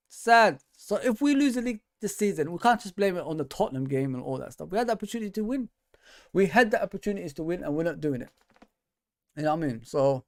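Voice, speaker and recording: A man's voice: gravelly, no room sound, clean studio sound. A man hosting a fan show, ranting in exasperation and reading out viewer comments, with casual slang like bro and man. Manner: frustrated, exasperated ranting with rising pitch. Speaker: host.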